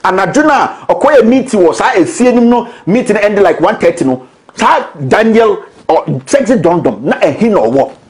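A man's voice: high-pitched, big pitch swings, moderate pace, a little mellow. A man with a Ghanaian accent, hosting a political commentary show in a combative, accusatory, emphatic way. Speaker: show host.

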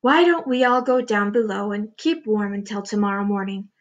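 A woman's voice: mid-range voice, normal speed, dull audio, close to an everyday voice. A woman voicing a sensible female spider in a storybook read-aloud. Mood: gentle.

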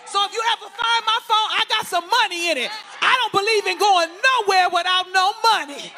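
A very high-pitched man preaches, his voice gravelly and rough at the edges. He shouts his sermon in fervent bursts, piling up long repeated lists and calling out to the congregation. His tone is bright and piercing. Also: a little fast, some chatter behind, slight background noise. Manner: call-and-response preaching with repetitive lists.

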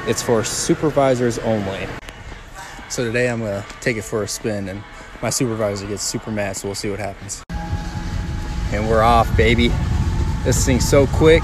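A young man calmly narrating his own phone video at work in a dry, deadpan way. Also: on the low side, background noise. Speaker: warehouse worker. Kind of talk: casual phone vlog.

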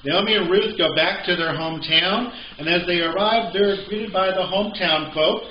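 A man's voice: high-pitched, normal speed, a little hiss or hum. Chatty male pastor in echoey church. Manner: conversational with joking asides. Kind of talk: sermon. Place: church sanctuary. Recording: echoey, slightly dull church recording.

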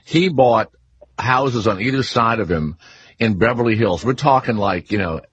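Lively low-voiced man, radio host. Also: moderate pace, slightly rough, no echo. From Louisiana. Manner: animated storyteller, breaks into quoted voices. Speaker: radio talk show host. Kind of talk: casual radio chat. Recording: muffled studio broadcast audio.

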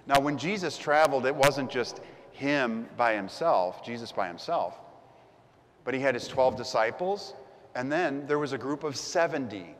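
A man's voice: mid-range voice, moderate pace, fairly bright tone, long reverb tail. A man preaching a sermon as the pastor, telling the story vividly and acting out the crowd's voices.

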